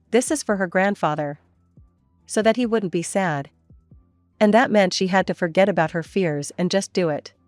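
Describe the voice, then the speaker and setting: Low-voiced woman narrating a story. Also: no room sound. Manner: steady read-aloud storytelling. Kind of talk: scripted fan-fiction narration.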